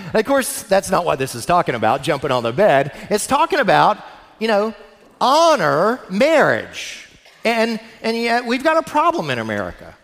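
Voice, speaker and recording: A man's voice: high-pitched, fairly bright tone. A middle-aged man preaching a sermon to his church, telling stories and addressing the listeners directly. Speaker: pastor. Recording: long hall reverb.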